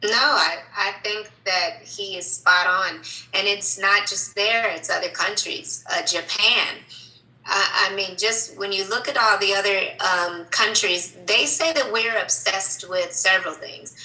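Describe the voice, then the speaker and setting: Bright-voiced woman, echoey and distant. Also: mid-range voice, measured pace. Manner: earnest, explanatory, many fillers. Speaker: podcast guest. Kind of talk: interview answers.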